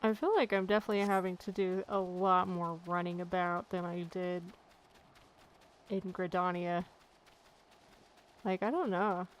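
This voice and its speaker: A woman's voice: fairly low pitch, fairly even intonation, a little slow, pauses often, slight background noise, low-quality recording. A woman casually commenting on her gameplay with joking, chatty asides into a desk mic. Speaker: let's play gamer.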